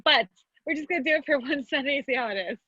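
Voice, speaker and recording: A woman's voice: high voice, lively intonation, rapid-fire, sharp tone, no echo, dull audio. A woman from Texas in a casual, candid chat, teary at times and swearing freely. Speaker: podcast co-host.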